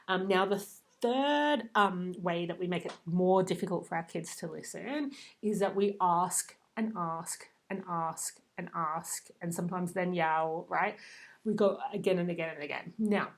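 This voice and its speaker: Woman explaining parenting tips. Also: on the low side. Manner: explanatory, tags points with "right?"; acts out parent and child phrases. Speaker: parenting educator. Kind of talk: talking-head parenting advice.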